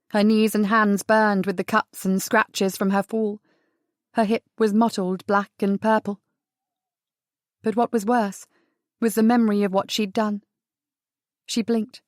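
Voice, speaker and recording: A woman reading an audiobook romance as narrator, telling the story in an even, intimate way. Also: mid-range voice, dry recording, clean studio sound. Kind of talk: scripted narration.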